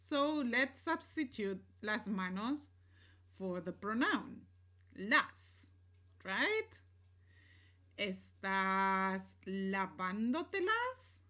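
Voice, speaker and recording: A woman records a grammar lesson at a slow, patient pace. Her voice is bright and clear, and she keeps checking that her students follow along. She mixes English explanations with Spanish example sentences. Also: mid-range voice. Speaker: Spanish teacher.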